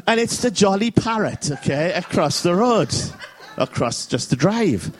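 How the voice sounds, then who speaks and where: A man preaching a sermon at a church service, lively and jokey, often asking his listeners "okay?". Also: high voice, moderate pace. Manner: lively, jokey, frequent "okay?" check-ins.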